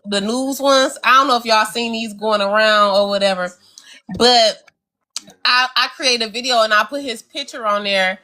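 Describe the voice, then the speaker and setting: A woman's voice: fairly high pitch, normal speed. A woman, co-hosting a casual talk show, telling a story animatedly and talking straight to listeners. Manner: animated, addresses listeners as y'all, acts out voices. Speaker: show co-host.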